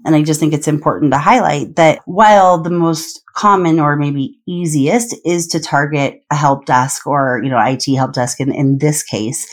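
A woman with a low voice hosts a podcast about fraud. She talks in a loose, conversational way, thinking aloud and padding with "you know". Her questions wander before they land. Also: moderate pace, hardly any pauses. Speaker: podcast host. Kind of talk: conversational interview.

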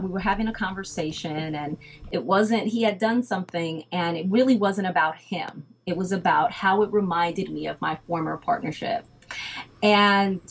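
Husky-voiced woman telling a story. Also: mid-range voice. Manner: animated, acts out dialogue. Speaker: guest. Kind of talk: storytelling in conversation.

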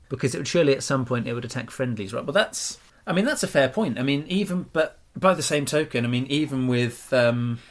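A man with a Norfolk accent chatting casually as a podcast co-host. He talks in a slow, relaxed drawl, clear but never clipped, at an ordinary middle pitch. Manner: slow drawl, enunciated but unclipped words. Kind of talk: casual chat.

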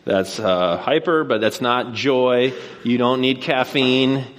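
A man's voice: medium pitch, slow pace. Conversational male pastor preaching from a stage. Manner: conversational storyteller, asks repeated rhetorical questions. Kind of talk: sermon with personal anecdote.

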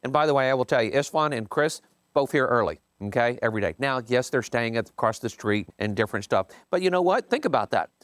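Animated man leading a meeting. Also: fast, no room sound, clean studio sound. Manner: animated, emphatic, jumps high in pitch when stressing a point. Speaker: company owner leading a team meeting. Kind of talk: casual book commentary to a team.

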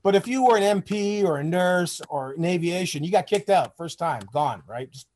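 A man's voice: high voice, expressive, moderate pace, darkish tone. A middle-aged man from Michigan, a former soldier, telling rambling, profane stories in a casual interview. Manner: rambling, profane, acts out quoted voices. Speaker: guest, Army veteran.

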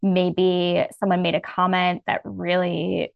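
A woman's voice: lowish voice, monotone, takes it slowly, vocal fry, dry recording, highs cut off. A woman coaching listeners through a breathing practice in a soothing, earnest way, often saying "like". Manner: soothing, earnest, filler-heavy with "like". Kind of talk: guiding a breathing practice in casual talk.

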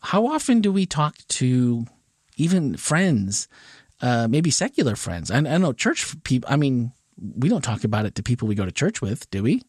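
A man's voice: mid-range voice, sing-song, moderate pace, a little mellow, breathy edge, dry recording. Man, 40s, podcast co-host, earnest storyteller with long winding sentences, dry close sound. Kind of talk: casual conversation.

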